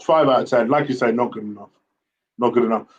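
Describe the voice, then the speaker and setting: A man's voice: medium pitch, fast. Chill guy rating footballers, lots of uhs and ums, kinda dull muffled sound. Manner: relaxed, hesitant, many "uh" and "um", gives player ratings. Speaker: host football pundit. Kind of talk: casual football review.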